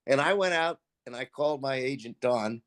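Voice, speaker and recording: An older man, a voice actor appearing as a guest, tells casual stories laced with profanity, animatedly acting out what people said. He speaks at a moderate pace with a medium-pitched voice.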